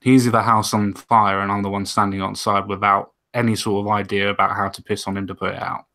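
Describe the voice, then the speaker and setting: A man in casual online group chat, talking quickly with sarcastic, self-mocking humor. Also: lowish voice, flat delivery, bright, forceful tone. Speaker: guest YouTuber on a panel chat.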